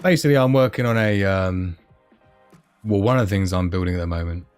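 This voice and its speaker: A man's voice: deep voice, fairly quick, darkish tone, clear, resonant tone, faint music behind. A man hosting a casual live stream, rambling and giggly with lots of fillers.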